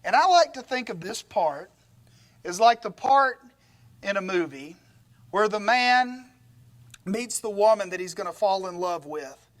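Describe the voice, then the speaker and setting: A man's voice: sits high, animated, measured pace, pauses often, a bit bright. A man preaching a conversational sermon, retelling a story with animation and folksy humorous asides. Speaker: pastor.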